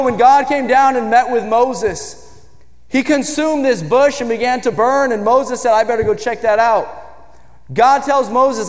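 Male preacher, high voice, sermon in a church with a long ringing reverb. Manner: builds from low, measured speech to shouted emphasis. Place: church sanctuary.

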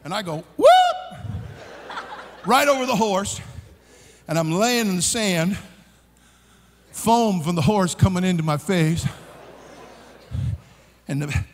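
Animated preacher in a big hall. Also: male voice, high voice, slow, pauses often, slight background noise. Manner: animated storytelling, shouting and laughing. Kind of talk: sermon with a comic story. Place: large conference hall. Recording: long hall reverb.

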